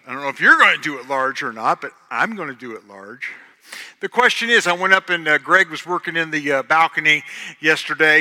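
A Southern man preaching and making announcements from the pulpit. His voice is bright and slightly high, and he swings between loud, joking bursts and quiet, earnest moments. A long church reverb trails every phrase. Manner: loud, animated, jokey, swings between shouting and hushed. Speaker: pastor. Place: church sanctuary.

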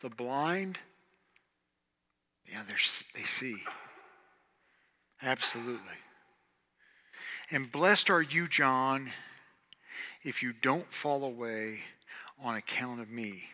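Bright-voiced preacher man in a hall. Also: medium pitch, slow pace, pauses often. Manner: dramatic swings from hushed to loud. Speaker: pastor. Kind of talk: sermon. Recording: long hall reverb.

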